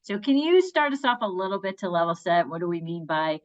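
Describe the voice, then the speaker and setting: A woman's voice: on the low side, big pitch swings, brisk, lo-fi sound. A woman moderating a panel webinar, chatty and upbeat with many fillers.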